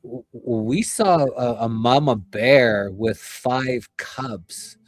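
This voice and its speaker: A relaxed man chatting at a middle pitch, tripping over his words and starting over. His voice comes through close and dry. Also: slow pace, no echo. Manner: easygoing, stumbling restarts. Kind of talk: casual chat.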